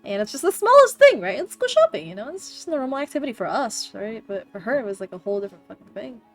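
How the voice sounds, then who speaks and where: A woman streamer hosting a book club, chatting casually, excitable and swearing freely. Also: a little high, fast, faint music behind. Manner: excitable, swears a lot, loud laughing outbursts. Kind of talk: casual chat.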